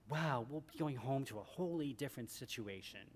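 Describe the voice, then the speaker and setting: A man in his sixties from Michigan, reading from his memoir to a live audience in a library event room, animated and joking. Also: moderate pace, few pauses, a little hiss or hum. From Michigan, USA. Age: 60s. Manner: animated and joking, with big swings in pitch and loudness. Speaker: author at a book event.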